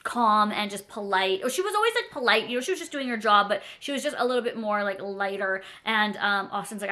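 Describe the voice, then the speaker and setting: A young adult woman telling a story in a casual vlog, rambling and animated, with lots of "like" fillers. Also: medium pitch, fast, hardly any pauses. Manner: chatty, rambling, many "like" fillers; animated and self-deprecating. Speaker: storytime vlogger.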